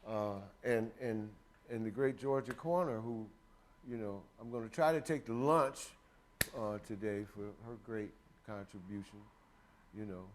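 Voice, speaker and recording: A man's voice: on the low side, unhurried, a little hiss or hum. A man in his sixties hosting a casual show, rambling and joking with frequent laughs. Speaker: host. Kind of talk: casual chat.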